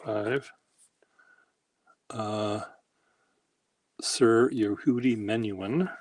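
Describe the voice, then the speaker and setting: Man, deep-ish voice, unhurried drawl, casual meandering chat, halting storyteller. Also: fairly even intonation, darkish tone. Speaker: host.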